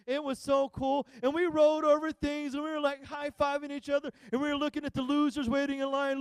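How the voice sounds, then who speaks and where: A pastor preaching a sermon, telling a funny family story and acting out the voices of everyone involved. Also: male voice, very high-pitched, little pitch movement, a little fast, hardly any pauses, no echo, studio quality. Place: church sanctuary.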